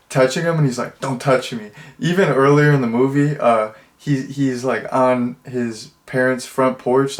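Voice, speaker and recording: Young man, movie reviewer, casual, rambling, amused, chatty, mid-pitched voice.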